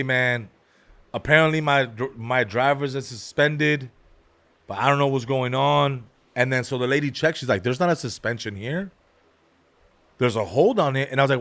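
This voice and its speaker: A man hosting a comedy podcast, telling a story with street slang and acting out every person in it with big swings in volume. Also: a bit bright. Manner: acts out every character with big jumps in pitch and volume; street slang, calls people "dog" and "bro".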